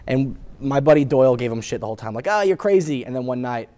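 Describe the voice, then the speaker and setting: A man's voice: medium pitch, fast talker. A man co-hosting a podcast, telling a story in casual chat and acting out the people in it. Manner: animated, acts out voices in his story. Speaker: podcast co-host.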